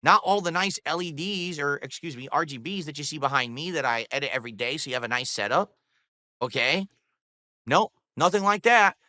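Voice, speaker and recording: Scornful, bright-voiced male streamer ranting. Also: fairly high pitch, lively intonation, a little fast, no room sound, clean studio sound. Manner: mocking, profane, scornful; addresses viewers and chat directly. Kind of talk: livestream rant. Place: home streaming studio. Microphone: studio microphone on a boom arm.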